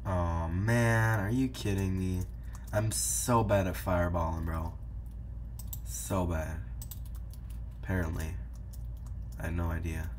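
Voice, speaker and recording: A man's voice: low-pitched, steady tone, takes it slowly, long pauses, darkish tone, slight background noise. A young man giving casual, playful gameplay commentary, teasing the players and talking to his viewers. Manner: playful, teasing, talks to viewers while playing. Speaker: gaming YouTuber.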